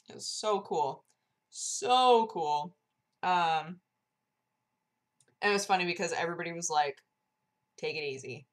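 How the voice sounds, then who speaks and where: A woman's voice: on the low side, lively intonation, slow pace, pauses often. A young woman vlogging in casual, bubbly chat, gushing with lots of "like", coughing through a sore throat. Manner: bubbly, gushing, heavy use of "like".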